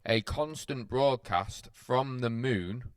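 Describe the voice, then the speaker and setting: A man co-hosting a podcast, making wry deadpan quips and telling stories slowly. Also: medium pitch, clean tone, no room sound. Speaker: podcast co-host. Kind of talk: casual chat.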